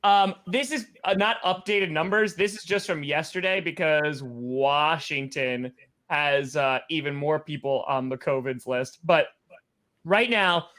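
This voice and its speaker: Joking young man, slightly high voice. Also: fairly bright tone. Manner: quick, joking, rambling. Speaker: podcast co-host. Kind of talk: casual sports chat.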